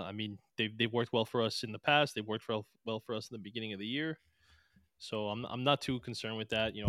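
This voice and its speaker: A man with a bright, smooth voice chats casually on a podcast, repeating words as he restarts his thoughts. The sound is dry and close, with no room around it. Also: lowish voice, dry recording. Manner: stammering restarts, relaxed. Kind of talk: casual chat.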